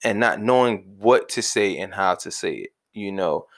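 Male co-host, lowish voice, easygoing and colloquial, casual chat. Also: normal speed. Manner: relaxed, informal and colloquial. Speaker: podcast co-host.

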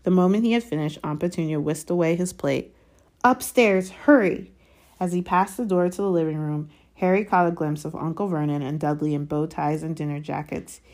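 A woman reading a novel chapter aloud in a calm, steady storytelling manner. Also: sits low, a little fast, few pauses. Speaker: audiobook reader.

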